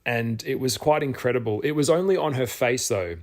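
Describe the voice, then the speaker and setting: Man telling a story, lively and expressive. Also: mid-range voice, brisk. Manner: animated, swears, acts out his own past shouts. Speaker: spiritual vlogger. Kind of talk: casual storytelling.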